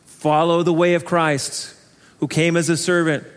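A man preaching a sermon as pastor, talking in a conversational, animated way and acting out little voices. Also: fairly high pitch, measured pace, clear, resonant tone, big-room sound. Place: church sanctuary.

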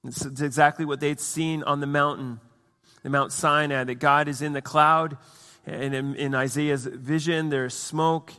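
A man's voice: on the high side, fairly even intonation, a little slow, bright, forceful tone, clean tone, in a large hall. A man preaching a sermon as pastor, conversational, with restarts and playful acted asides.

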